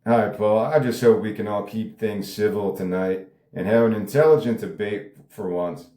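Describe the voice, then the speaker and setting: A man's voice: lowish voice, moderate pace, dark tone, close to an everyday voice. A man reading a meek, preachy male liberal pundit in a script table read, with earnest delivery. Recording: roomy echo.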